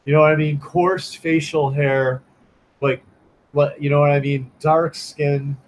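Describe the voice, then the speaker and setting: A man's voice: a little high, level tone, unhurried, poor audio. A man chatting casually on a livestream as a comic artist, rambling and swearing, with many restarts and fillers.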